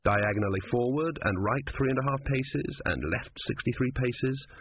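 Husky male narrator, phone-like sound. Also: mid-range voice, moderate pace. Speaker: audiobook narrator. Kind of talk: scripted narration. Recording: dry, phone-like narrow sound.

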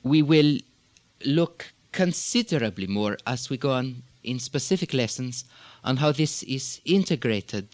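A man teaching a recorded dialect lesson, slow and deliberate, demonstrating stress and inflection patterns on sample sentences. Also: mid-range voice, lively intonation, no echo. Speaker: accent coach.

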